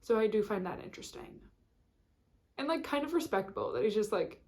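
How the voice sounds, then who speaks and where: A woman's voice: on the high side, animated, a little fast, a little mellow. A woman vlogging in a casual, rambling chat to camera, full of fillers and restarts.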